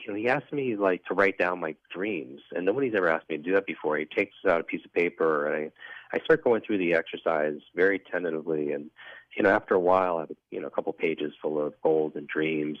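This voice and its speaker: A man being interviewed as a guest, telling a personal story in an earnest, reflective way, often halting and restarting. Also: deep voice, no room sound. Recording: dull lo-fi dry recording.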